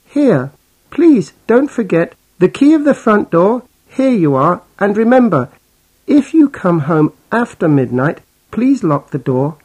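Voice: mid-range voice, very animated, unhurried, a little mellow, breathy edge, low-quality recording. A voice actor playing a fussy, bossy landlady who politely nags her tenant with rule after rule in a scripted listening-exercise role-play. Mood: nagging politely. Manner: politely nagging, constant requests. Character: fussy, bossy middle-aged landlady, woman.

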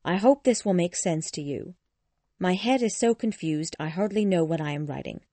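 A woman narrating a storybook in a steady, clear reading voice. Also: fairly low pitch, normal speed, no room sound. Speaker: audiobook narrator.

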